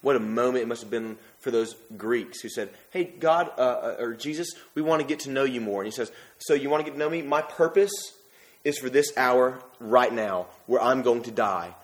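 A man's voice: mid-range voice, moderate pace. A young man preaching a sermon in a conversational way, with bursts of emphasis.

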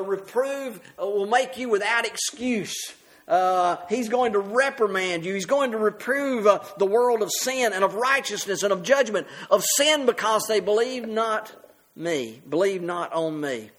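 A man preaching a sermon, reading scripture aloud and explaining it to the congregation, rising on the readings and dropping soft at phrase ends. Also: lively intonation. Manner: rises in pitch and volume on scripture, drops soft and slow at phrase ends.

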